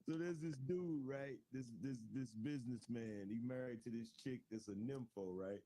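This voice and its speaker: A man's voice: mid-range voice, normal speed, dark tone, a little hiss or hum. A man casually telling a long joke to friends on a group call, loose and slangy, constantly checking in with "right?". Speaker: joke teller.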